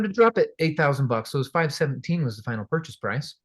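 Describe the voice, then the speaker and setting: A man's voice: on the high side, fast, hardly any pauses. A man teaching real estate investing in a casual storytelling way, talking conversationally and acting out voices of the people in his anecdotes. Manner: animated, acts out quoted voices; conversational with fillers and restarts.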